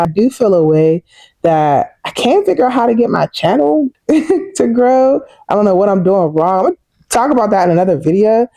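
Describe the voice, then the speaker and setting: A woman in her thirties talking casually and warmly to her viewers in a personal vlog, chatty and heartfelt. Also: lowish voice, no echo. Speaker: vlogger.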